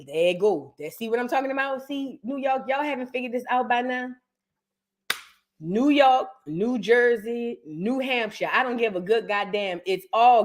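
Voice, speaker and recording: A woman with a Southern US accent, hosting a casual reaction show and chatting straight to her viewers. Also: fairly high pitch. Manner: chatty, addresses viewers as y'all. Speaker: host.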